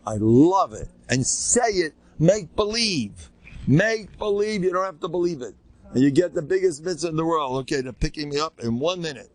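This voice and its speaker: Animated older rabbi giving a class. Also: male voice, a little high, brisk. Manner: animated, joking storyteller with rhetorical questions. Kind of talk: informal Torah lecture.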